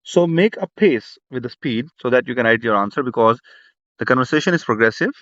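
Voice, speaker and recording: A man's voice: medium pitch, lively intonation, a little fast, fairly bright tone, no room sound. A man teaching an online exam prep class, talking loosely and repeating himself with many restarts. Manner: repetitive, restarts a lot, lots of fillers. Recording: dull, dry lo-fi sound.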